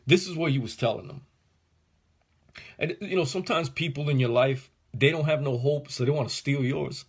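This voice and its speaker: A man's voice: medium pitch, moderate pace, husky. A male pastor teaching a Bible passage verse by verse, speaking in a casual, slangy way that rises into fervent preaching. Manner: casual, slangy, animated, building to fervor.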